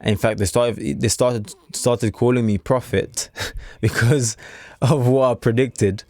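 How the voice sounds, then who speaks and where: A man's voice: mid-range voice, steady tone, slow, darkish tone, dry recording. A man talking casually to camera as a trading coach, chatty and repetitive, with streetwise slang. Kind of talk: casual unscripted talk to camera.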